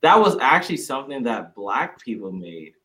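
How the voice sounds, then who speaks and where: A man's voice: medium pitch, sing-song, normal speed, a bit bright, low-quality recording. A man in a group discussion, speaking passionately and emphatically, firing off rhetorical questions. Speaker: discussion participant.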